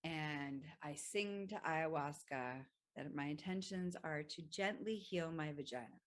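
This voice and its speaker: A woman hosting a podcast, telling a personal story in an animated way, laughing often and swearing freely. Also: sits low, unhurried. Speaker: podcast host.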